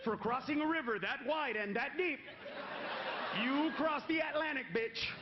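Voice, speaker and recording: A male stand-up comedian performing an animated set on stage, shouting his punchlines. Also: very high voice, measured pace. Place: comedy stage before a live audience. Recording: dull live stage recording, audience noise.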